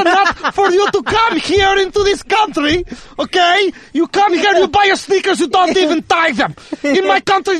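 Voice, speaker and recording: Man doing a high, mock-Russian immigrant dad, exaggerated scolding. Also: a bit bright.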